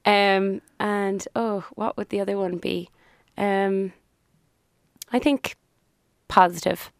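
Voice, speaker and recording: A woman's voice: mid-range voice, steady tone, slow pace, gravelly, clean tone, dry recording. Businesswoman guest, chatty, easy laugh, dry close sound. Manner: chatty, laughs easily, thinks aloud with fillers. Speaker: business owner, interview guest. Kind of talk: casual interview chat.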